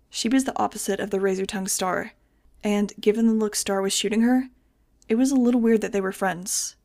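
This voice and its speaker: Woman narrator for a fan audiobook, mid pitch, even storytelling read. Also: brisk. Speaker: audiobook reader.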